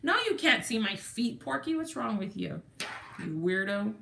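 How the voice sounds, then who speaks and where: A woman's voice: medium pitch, very animated, normal speed, creaky, pushed and bright. A woman with a Texan accent hosting a livestream, chatting casually and greeting viewers from the chat. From Texas. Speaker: livestream host.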